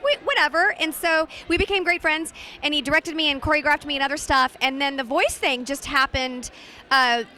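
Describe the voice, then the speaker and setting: A woman voice actress chatting in a bubbly, animated way during a convention interview. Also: high-pitched, normal speed. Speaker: voice actress guest. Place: busy convention floor.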